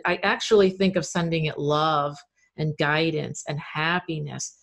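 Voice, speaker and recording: Woman, podcast host; earnest, open, conversational, a touch low-pitched. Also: measured pace. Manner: earnest, enthusiastic, candid. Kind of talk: conversational interview.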